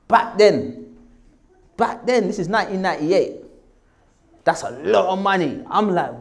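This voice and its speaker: Animated man telling a story. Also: high-pitched, unhurried, creaky, pauses often. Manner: animated, acts out quoted voices. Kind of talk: casual anecdote.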